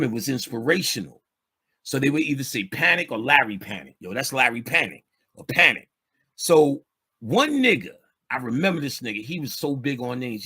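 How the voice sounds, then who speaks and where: A man's voice: medium pitch, a bit bright, slightly rough. A man, telling street stories in a loose, streetwise way with plenty of swearing. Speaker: podcast guest speaker. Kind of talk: casual storytelling chat.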